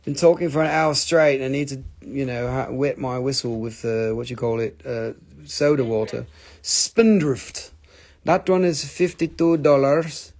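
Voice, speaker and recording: Man, live crystal sale host, joking, rambling, slightly high voice. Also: steady tone, moderate pace, a little mellow. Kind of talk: casual live sales stream.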